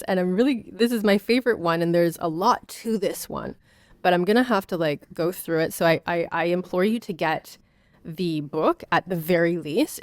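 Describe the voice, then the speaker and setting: A woman in her thirties, a host talking casually, full of "like" and "you know", lifting her voice when she quotes others. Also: no room sound. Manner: chatty, many fillers like "like" and "you know"; acts out quoted parents with raised pitch. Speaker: podcast host and parenting coach. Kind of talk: casual teaching monologue.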